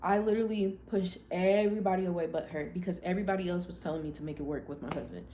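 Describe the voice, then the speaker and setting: Blunt, expressive woman podcast host. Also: fairly low pitch, fast talker, a little hiss or hum. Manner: blunt, expressive, animated when quoting herself. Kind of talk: candid personal storytelling.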